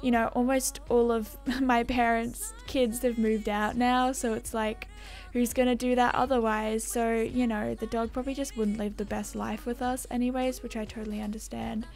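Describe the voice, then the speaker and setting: Chatty Australian young woman, slightly high. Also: flat delivery, moderate pace, vocal fry, darkish tone, soft background music. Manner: chatty, rambling, self-deprecating. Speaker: gaming YouTuber. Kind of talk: casual chat reading viewer comments.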